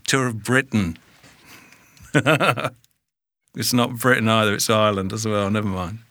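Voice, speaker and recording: A voice actor giving a chatty accent demo, switching between regional British accents with many filled pauses. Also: lowish voice, wildly swooping pitch, pushed and bright, no echo, clean studio sound. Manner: filled pauses, chatty tour-guide framing.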